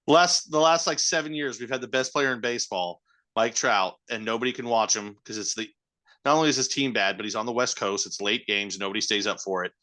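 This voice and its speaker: A man's voice: mid-range voice, fairly quick, sharp tone. A man co-hosting a podcast, joking in wry, profane banter during casual chat. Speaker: podcast co-host.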